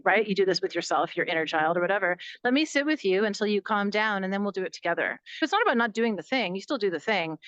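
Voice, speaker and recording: A woman's voice: on the low side, a bit bright, no room sound, highs cut off. A woman co-hosting a podcast, talking reflectively and telling stories from her own workshops. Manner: reflective, storytelling with examples. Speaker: podcast co-host. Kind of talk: casual conversational chat.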